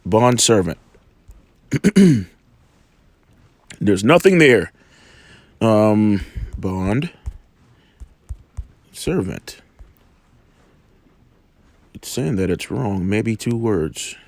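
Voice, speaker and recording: A man's voice: lowish voice, very animated, very slow, pauses often, dry recording. A man with a cold, casually teaching scripture, rambling with many restarts and rhetorical questions. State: has a cold, coughing. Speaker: religious teacher.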